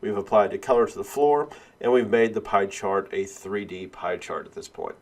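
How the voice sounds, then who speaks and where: A man instructor giving a screen-recorded software tutorial, explaining each click step by step and correcting himself along the way. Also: lowish voice, normal speed. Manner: steady step-by-step walkthrough, self-correcting.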